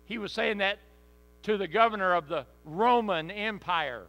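A man's voice: sits high, normal speed, fairly bright tone, low-quality recording. A man preaching a sermon as pastor, reading scripture dramatically and speaking straight to his congregation.

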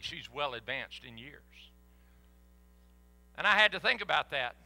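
An older man preaching a sermon in a church, animated and folksy, with sudden whoops. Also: very high voice, moderate pace. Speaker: pastor. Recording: echoey hall.

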